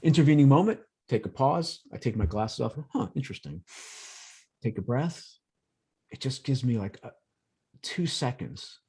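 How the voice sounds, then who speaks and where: A man with a gravelly, slightly husky voice leads a workshop over a video call. His pitch rises and falls a lot as he talks through examples. He slips into quick little imitations of other people along the way. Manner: lively, acts out examples in quoted voices. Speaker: workshop presenter on emotional intelligence. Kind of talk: conversational workshop talk.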